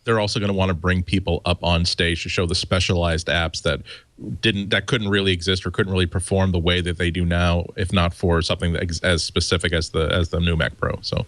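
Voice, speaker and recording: A man's voice: sits low, flat delivery, a little fast, a bit bright, dry recording. A man on a tech panel, talking in long sentences full of restarts. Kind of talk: casual panel chat.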